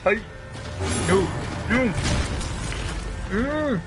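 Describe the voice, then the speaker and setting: A man's voice: high-pitched, animated, drawn-out words, low-quality recording. A man streaming a video game, rambling and joking in casual commentary and easily astonished by what he sees on screen. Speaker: gaming streamer. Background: loud video game music.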